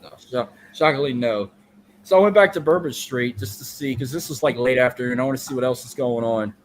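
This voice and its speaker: A man's voice: mid-range voice, a little fast, a little hiss or hum. A man co-hosting a podcast, telling a long story in casual, profane, rambling chat. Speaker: podcast co-host.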